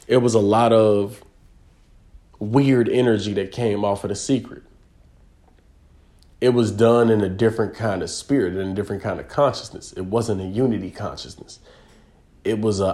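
A man with a dark, mellow voice delivers a spiritual talk. He repeats his key words for emphasis and keeps checking in with the listener. His delivery is earnest and insistent. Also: on the low side.

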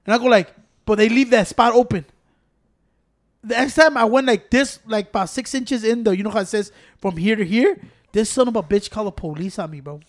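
A man's voice: sits high, quick pace. A man, ranting heatedly and profanely in casual podcast chat.

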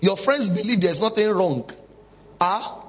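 A man's voice: sits high, animated, measured pace, husky. A man preaching a sermon in church, emphatic and full of rhetorical questions. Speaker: pastor. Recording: dull lo-fi recording.

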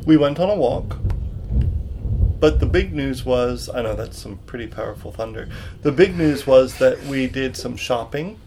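A father with a rough, gravelly voice talks with his child at home. He keeps the conversation going with encouraging questions in a relaxed family chat. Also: medium pitch, moderate pace, noisy background. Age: adult. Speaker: parent co-host talking with his child. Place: home during a thunderstorm.

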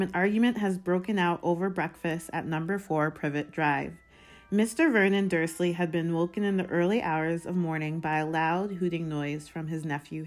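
Low-voiced woman reading aloud. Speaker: reader.

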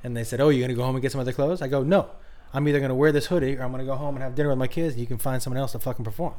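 A male comedian guest telling a casual, animated anecdote. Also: medium pitch, rapid-fire. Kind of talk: casual chat.

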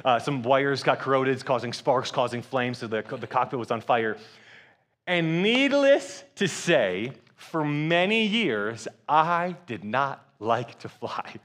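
A young man, a guest speaker, telling a funny personal story in a sermon with lively swings from loud to hushed. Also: medium pitch, slow. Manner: animated comic storytelling with voice swings.

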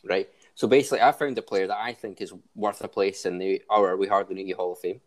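Man hosting a podcast, lowish voice. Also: steady tone, fast. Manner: upbeat, running a quiz. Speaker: podcast host. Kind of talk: casual chat.

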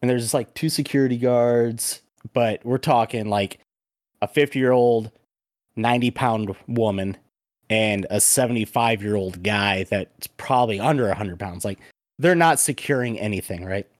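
A man hosting a podcast, telling a story in a casual, animated way with plenty of swearing. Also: medium pitch, normal speed, dry recording, clean studio sound. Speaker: podcast host. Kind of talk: casual chat.

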